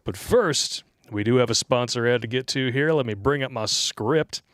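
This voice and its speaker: Male livestream co-host, casual and jokey, mid-pitched, reads donations, dry close mic. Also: normal speed, fairly bright tone, no room sound. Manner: joking, laughs often, reads donations aloud. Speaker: livestream co-host reading viewer comments.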